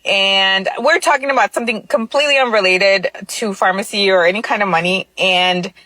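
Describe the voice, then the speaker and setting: A woman's voice: mid-range voice, brisk, sharp tone, no room sound, low-quality recording. A woman in her thirties casually telling a personal story, chatty and full of filler words. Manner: chatty, lots of filler likes.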